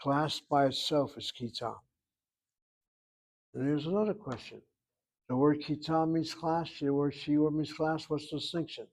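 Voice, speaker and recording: An older man teaching a Hebrew class, explaining grammar patiently and step by step, repeating words slowly. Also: on the high side, fairly even intonation, darkish tone.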